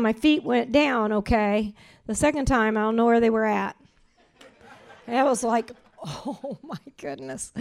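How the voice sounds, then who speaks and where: Woman, middle-aged, church testimony, heartfelt prayer, earnest, rambling, slightly high voice. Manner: earnest, rambling, grows animated and rises in pitch when praising. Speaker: church member giving testimony.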